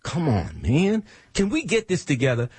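A man's voice: on the high side, sing-song, normal speed, a little mellow, slightly rough, no echo. A man hosting a radio show, talking in an emphatic, preachy monologue full of rhetorical questions. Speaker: radio host.

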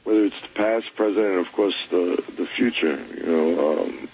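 A man joining a radio show as a guest, speaking in a measured, slightly hesitant way. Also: low-pitched, a little mellow. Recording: dull lo-fi line with faint noise.

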